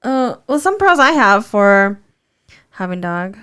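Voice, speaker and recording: A woman's voice: mid-range voice, big pitch swings, fairly bright tone, clean tone. A woman co-hosting a podcast in casual chat, listening and chiming in with short replies and questions. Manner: responsive listener, quick affirmations and laughter. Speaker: podcast co-host.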